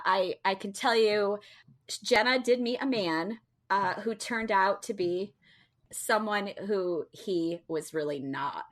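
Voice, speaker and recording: A woman's voice: mid-range voice, a bit bright. A woman co-hosting a podcast, telling a casual, chatty story with lots of fillers and laughter. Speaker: podcast co-host.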